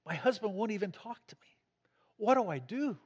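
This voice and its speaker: A man's voice: high-pitched, expressive, normal speed, slightly rough, pitched above the performer's own voice. A man voicing a sobbing, desperate wife. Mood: distraught. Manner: pleading, broken, repeating herself. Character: distraught wife sobbing after arrest. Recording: echoey hall.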